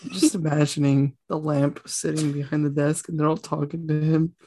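Woman co-host, very low voice, rambling casual movie talk. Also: fairly even intonation, normal speed, warm tone. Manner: rambling, searches for words. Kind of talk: casual film discussion.

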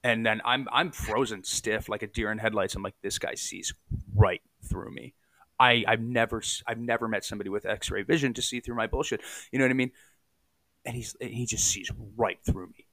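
Casting note: man, low voice, raw and earnest storyteller, dry close sound. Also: steady tone, brisk, sharp tone, dry recording. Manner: earnest, raw, swears casually. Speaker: podcast guest in recovery. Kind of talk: candid storytelling chat.

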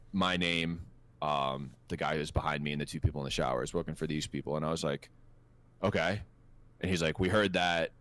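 A man's voice: deep voice, fairly bright tone, no echo. A man co-hosting a podcast, telling stories in a laid-back, profane, casual way. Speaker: podcast co-host. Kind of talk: casual storytelling chat.

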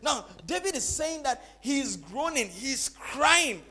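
A man preaching a sermon as pastor, swinging between loud cries and quiet, dropped-voice asides to the congregation. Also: very high-pitched, big pitch swings, unhurried. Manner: preaching with dramatic rises to shouting and drops to soft asides.

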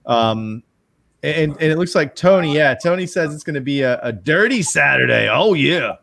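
A man's voice: on the high side, moderate pace, creaky, noisy background. Chatty man hosting a sports chat. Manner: relaxed, chatty, many fillers. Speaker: host of a hockey stream.

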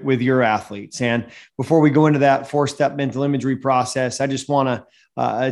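A man hosting a coaching podcast, talking in an energetic, emphatic coaching manner and reading a sponsor message. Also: medium pitch. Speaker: host and mental performance coach.

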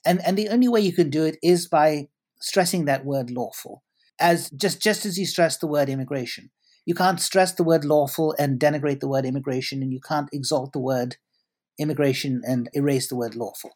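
A man's voice: fairly high pitch, a little fast, darkish tone. A man answering interview questions at length, articulate and elaborate, often restarting his sentences. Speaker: guest commentator.

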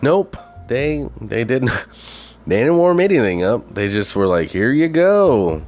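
A man telling a story in a casual, animated rant, swearing constantly and filling his talk with "like" and "you know". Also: medium pitch, measured pace, faint music behind. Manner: animated, heavy swearing, many fillers.

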